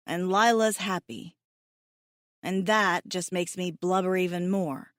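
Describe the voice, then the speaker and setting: A woman's voice: on the low side, measured pace, dry recording, clean studio sound. Emotive woman narrating a romance audiobook. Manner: emotive, tearful, self-mocking.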